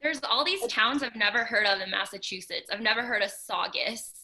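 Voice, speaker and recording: A bubbly, animated woman from New Orleans with a slight Southern accent, chatting on a video call. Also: on the high side, brisk. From New Orleans, Louisiana. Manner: bubbly, animated, laughs often.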